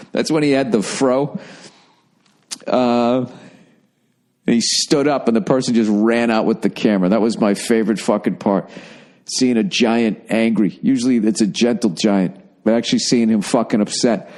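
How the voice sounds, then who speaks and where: In a lowish, darkish voice at a normal speed and with fairly even intonation, a man in his forties rambles through a casual solo podcast. His talk is sarcastic and full of profanity.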